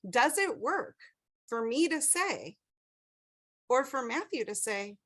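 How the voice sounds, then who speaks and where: A woman's voice: sits high, big pitch swings, takes it slowly, long pauses, fairly bright tone. A woman teaching a class over a video call, telling a story with animation and checking in with the group. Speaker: class instructor.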